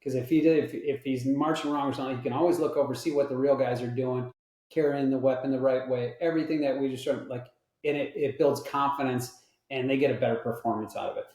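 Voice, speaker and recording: Man, middle-aged, interview guest, lively swearing storyteller, mid-pitched voice, echoey room. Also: quick pace. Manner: animated, profane, acts out the people in his stories. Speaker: interview guest, veteran and film technical advisor. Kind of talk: casual storytelling chat. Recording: roomy echo.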